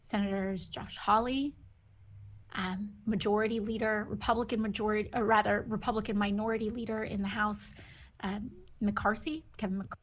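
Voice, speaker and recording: A woman politician reading a formal statement in a halting, deliberate way. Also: mid-range voice, fairly even intonation. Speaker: politician giving a speech.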